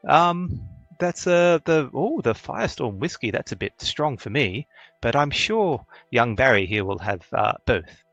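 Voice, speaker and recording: A man voicing a nervous, weathered halfling farm woman in a tabletop game, pitched well up. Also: animated, measured pace, fairly bright tone, dry recording, highs cut off, faint music behind.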